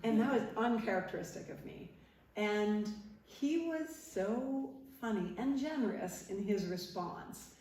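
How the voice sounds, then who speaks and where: A woman's voice: medium pitch, animated, measured pace, a little mellow. A middle-aged woman from Nova Scotia speaks to a live audience in a parish hall, telling her stories with energy and often laughing. She acts out the voices of the people she quotes. Her voice carries a heavy hall echo and sounds distant from the mic. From Nova Scotia, Canada. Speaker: guest speaker, former TV interviewer. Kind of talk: storytelling talk to a live audience. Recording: echoey hall, voice from far off.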